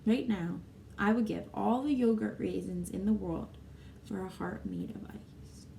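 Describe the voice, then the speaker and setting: Storybook dying old she-elephant, hoarse and gentle, voiced by a woman reader; mic a bit far off. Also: medium pitch, measured pace, slight background noise. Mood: wistful. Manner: hoarse whisper.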